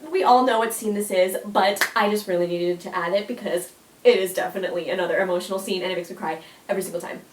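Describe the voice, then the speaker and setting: A woman's voice: medium pitch, fairly even intonation, quick pace, slight background noise. A young woman vlogging a casual countdown, gushing and emotional, full of "like" and "oh my gosh.". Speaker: YouTuber. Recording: echoey room, mic at a distance.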